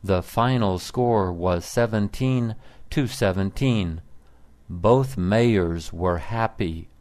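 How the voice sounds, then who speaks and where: A man reading simple stories aloud for English learners, in deliberate, plain sentences. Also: lowish voice, a little mellow. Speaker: narrator. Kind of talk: slow scripted story narration for English learners.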